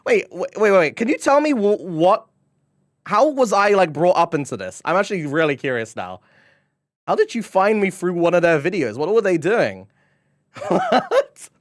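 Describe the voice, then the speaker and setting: A man's voice: high voice, very animated, normal speed, no room sound, studio quality. A man with a British accent chatting playfully with his viewers on a live stream, often breaking into giggles. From Britain. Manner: playful, giggly, reacting to chat.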